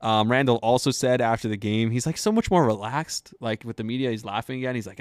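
A man's voice: medium pitch, quick pace, clear, resonant tone, dry recording, studio quality. A man hosting a sports podcast, talking casually and rambling with lots of fillers as he goes. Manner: chatty and rambling, with many fillers.

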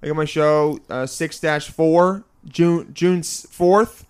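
A young man co-hosting a casual podcast, loud and joking, laughing often. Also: on the high side, fairly even intonation, slow pace, smooth. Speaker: podcast co-host and comedian.

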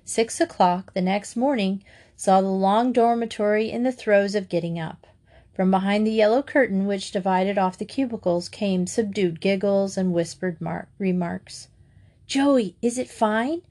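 A woman reading a children's storybook aloud in a calm, measured way. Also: mid-range voice. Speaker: audiobook narrator. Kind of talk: scripted storybook narration.

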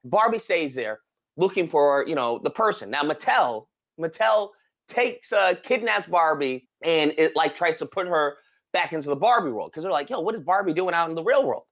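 A man with a high, very lively voice retells a film plot in a relaxed podcast chat. His pitch swings widely as he acts out the characters and sighs dramatically over them. He keeps checking in with his listener as he goes. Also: moderate pace. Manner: animated storytelling with dramatic exclamations. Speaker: podcast co-host. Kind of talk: casual chat.

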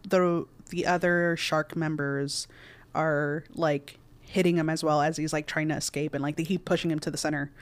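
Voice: medium pitch, flat delivery, normal speed, dry recording. A podcast co-host casually recapping a movie plot, rambling with lots of fillers and restarts.

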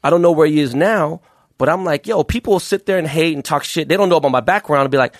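A man working as a jeweler, talking as a guest in a casual interview, using rapid, profane street slang with lots of fillers. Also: a little high, no echo, studio quality.

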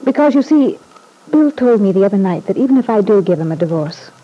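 A woman's voice: medium pitch, animated, fairly quick, dark tone, close to an everyday voice, low-quality recording. An actress playing a wry, self-deprecating young mother in a vintage radio soap. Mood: weary.

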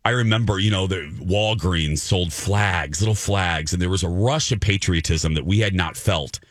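Male talk host, low and lively, animated storyteller, dry studio. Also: normal speed, no echo. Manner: animated storyteller, voices others in his anecdotes. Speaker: radio show host. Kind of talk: casual talk radio storytelling.

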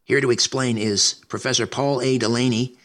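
A man's voice: medium pitch, steady tone, normal speed, a bit bright. A man hosting a talk radio show, conversational and affable as he questions guests and introduces segments.

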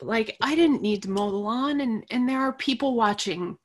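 A middle-aged woman telling an emotional personal story as a guest, candid and animated, laughing between phrases. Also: a little high, normal speed.

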